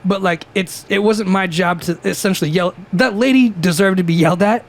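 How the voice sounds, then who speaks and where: A man's voice: high voice, fairly quick. A young man co-hosting a casual podcast, telling stories with plenty of swearing and laughter. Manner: animated, profane storytelling with frequent laughs. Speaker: podcast co-host. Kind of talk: casual chat.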